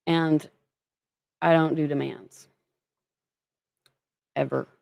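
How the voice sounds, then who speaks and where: A woman's voice: sits low, little pitch movement, extremely slow, gravelly, darkish tone, dry recording. A woman from Kentucky hosting a casual livestream, chatting and greeting viewers by name as she talks. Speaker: livestream host.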